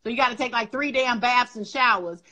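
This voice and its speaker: A woman co-hosting a loose live podcast, her voice high and bright. She is loud and playful and often cuts in on the others. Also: brisk. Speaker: co-host. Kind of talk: casual live podcast chat.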